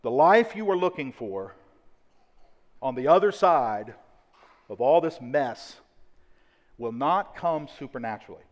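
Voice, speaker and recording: A man preaching a sermon as pastor, emphatic and repetitive, slowing down to stress key words. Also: mid-range voice, animated, muffled recording. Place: church auditorium. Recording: church hall with long reverb.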